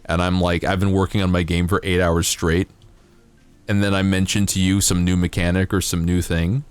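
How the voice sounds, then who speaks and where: A man's voice: low-pitched, little pitch movement, normal speed, clean tone, no echo. A young man streaming a game, chatting casually in rambling, profane, self-mocking rants. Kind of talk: casual live-stream chat while gaming.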